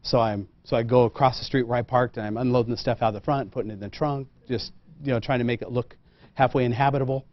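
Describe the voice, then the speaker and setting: A man's voice: medium pitch, fast, dry recording. A man tells an anecdote to a room of listeners. He acts out the dialogue and jokes at his own expense. The sound is dry and a little muffled. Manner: animated anecdotal, acts out quoted dialogue, self-deprecating. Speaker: custom tailor and guest speaker. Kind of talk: storytelling talk to a room.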